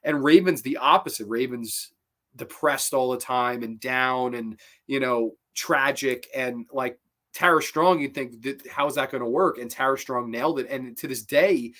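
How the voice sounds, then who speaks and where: A man's voice: mid-range voice, moderate pace, sharp tone. A man hosting a show, reviewing cartoon episodes in a rambling, casual way, with profanity and frequent self-corrections. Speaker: show host.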